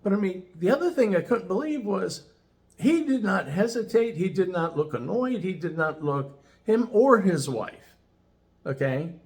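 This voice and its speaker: An enthusiastic man tells a personal story in a loose, chatty way, leaning on "you know" as he goes. His voice sits a touch higher than most men's and grows animated as he gets excited. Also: measured pace. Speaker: customer giving a testimonial. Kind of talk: casual storytelling.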